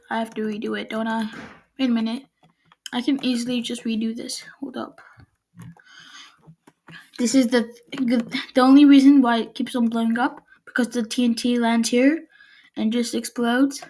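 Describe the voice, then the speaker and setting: A woman's voice: a little high, a little mellow. A woman giving casual gameplay commentary, chatting to herself while she builds. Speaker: gameplay video maker.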